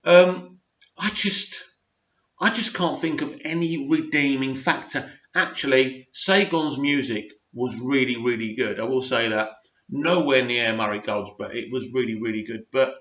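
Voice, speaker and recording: A man's voice: medium pitch, a bit bright. A man giving an unscripted, frustrated rant as a TV review vlogger, full of emphatic rhetorical questions. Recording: roomy, dull lo-fi sound.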